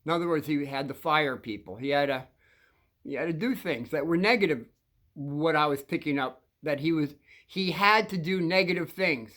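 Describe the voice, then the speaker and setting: A man's voice: a little high, normal speed, fairly bright tone. A man in his sixties telling rambling stories to kids, restarting sentences often and chuckling between thoughts. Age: 60s. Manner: meandering, with frequent restarts and chuckles. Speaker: show host talking to kids. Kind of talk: rambling anecdotal storytelling.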